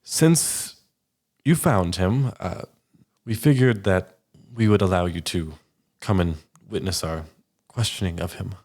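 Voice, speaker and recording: A man's voice: low-pitched, unhurried, darkish tone. A man voicing a weary, formal noblewoman ruler.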